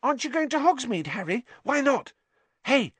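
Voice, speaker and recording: A man voicing an eager young schoolboy who hero-worships a classmate, calling out excitedly. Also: extremely high pitch, normal speed, husky, no room sound, pitched above the performer's own voice, exaggerated voice.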